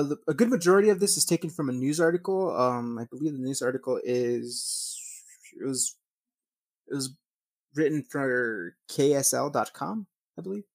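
A man with a fairly high voice narrates true crime, alternating between reading news articles and swearing-heavy rants. He often stumbles and restarts over names, and there is no room sound.

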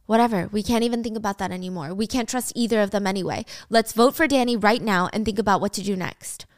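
A woman's voice: mid-range voice, fast, no echo, clean studio sound, natural voice. A woman voicing a suspicious teenage boy who gives blunt, commanding orders.

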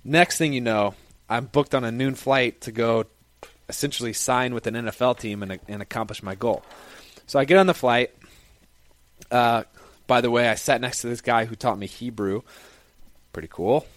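A young man, a football player, tells a personal story in a casual, lively, conversational way. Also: mid-range voice, no echo.

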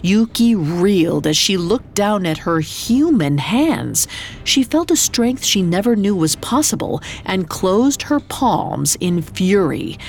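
A woman's voice: mid-range voice, very animated, slow pace, a little mellow, slight background noise. A woman narrating a folklore tale in a scripted, dramatic storytelling delivery. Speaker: podcast narrator. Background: faint music.

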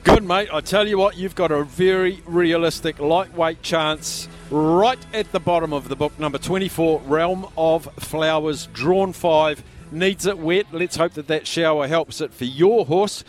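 An Australian man with a fairly high voice hosts a live radio call-in, reading out horses for callers. He raises his voice to be heard from a pub, and faint music runs behind him. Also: unhurried, few pauses. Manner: raised voice, talking over pub noise. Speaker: radio host.

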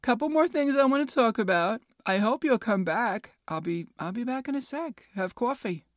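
A woman's voice: on the high side, lively intonation, moderate pace, no echo, studio quality. Chatty, self-mocking woman in her fifties. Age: 50s. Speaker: podcast host. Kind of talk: casual solo podcast talk.

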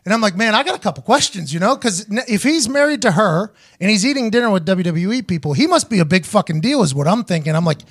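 A man in his thirties hosting a podcast, telling a story in casual chat, animated and profane, acting out the quotes. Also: high voice, quick pace, few pauses, slightly rough. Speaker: podcast host.

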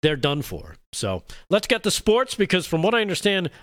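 A man hosting a casual political talk show, talking in halting starts with many restarts. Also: high voice, huge pitch swings, a bit bright, no room sound, clean studio sound.

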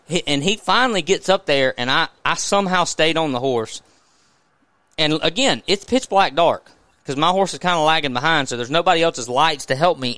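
Animated Southern man telling a story. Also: fairly high pitch, no echo. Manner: animated storyteller, many restarts. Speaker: podcast host. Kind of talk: casual storytelling.

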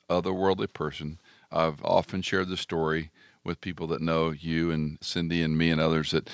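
A male interview host with a very deep, smooth and resonant voice walks back through his guest's hard years. The recording is close and dry. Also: a bit bright, no room sound. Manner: recaps the guest's story for him. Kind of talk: interview conversation.

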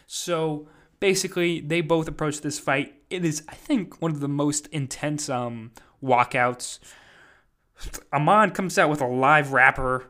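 A man's voice: a little high, a little slow, pushed and bright. A man casually recapping a live event, rambling with lots of fillers and "like". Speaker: podcast host recapping an event.

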